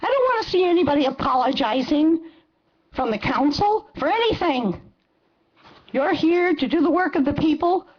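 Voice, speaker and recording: An older woman in her seventies gives a fiery, emphatic public comment to a city council. Her voice sits high, and the meeting recording sounds dull and lo-fi. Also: very animated, normal speed. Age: 70s. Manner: angry, impassioned, emphatic. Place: council chamber.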